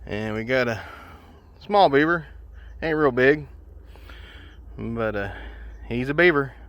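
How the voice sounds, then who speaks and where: A man's voice: medium pitch, slow, fairly bright tone, dull audio. Folksy man trapping outdoors. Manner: folksy, rambling with many fillers. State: out of breath. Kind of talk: outdoor vlog narration. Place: outdoors by ponds.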